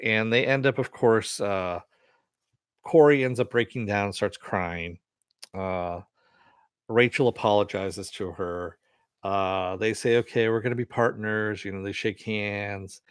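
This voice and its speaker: Male reviewer, low-pitched, dry close mic, loose chatty recap style. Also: fairly even intonation, a little slow, smooth, no room sound. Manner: loose, rambling retelling with many fillers and quoted lines. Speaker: TV episode reviewer. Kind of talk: casual recap narration.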